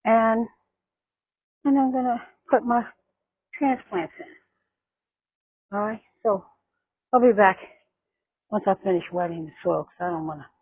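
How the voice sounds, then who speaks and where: A woman chats on camera out in her garden, rambling and restarting her sentences as she works. She talks slowly in a husky voice. The sound is thin and phone-like, with no room echo. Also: mid-range voice. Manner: chatty, rambling, with many restarts. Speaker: gardening vlogger. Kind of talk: casual gardening vlog. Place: outdoors in a garden. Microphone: camera microphone.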